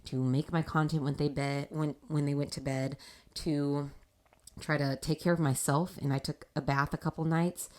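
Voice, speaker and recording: Low-voiced woman telling a story. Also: moderate pace. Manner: animated storytelling with frequent laughs. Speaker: podcast host. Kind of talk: casual faith talk.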